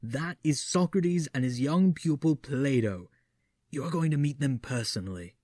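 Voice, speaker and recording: A man voicing an eccentric male philosophy teacher in an audiobook, speaking quietly and confidingly. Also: a little high, expressive, moderate pace, no room sound, clean studio sound.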